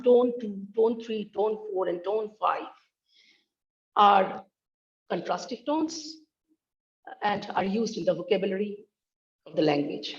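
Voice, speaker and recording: A woman's voice: medium pitch, gravelly, muffled recording. A woman giving an academic talk on linguistics, speaking carefully and demonstrating tones with examples. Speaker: linguistics researcher presenting.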